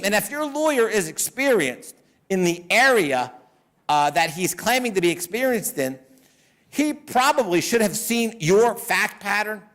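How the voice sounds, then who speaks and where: A high-pitched, middle-aged male attorney gives a seminar talk to business owners. He tells lively stories, acting out the quotes.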